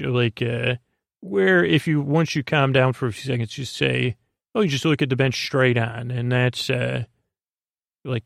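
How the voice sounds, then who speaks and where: A man meandering through an improvised bedtime story, halting and full of soft fillers. His voice is mid-pitched and gravelly with vocal fry. The sound is close and dry. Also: no echo. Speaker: host of a sleep story podcast.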